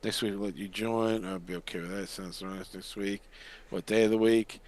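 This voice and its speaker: A man's voice: on the low side, fairly even intonation, normal speed. An older man co-hosting a podcast, telling a rambling, jokey story in casual chat. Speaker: podcast co-host.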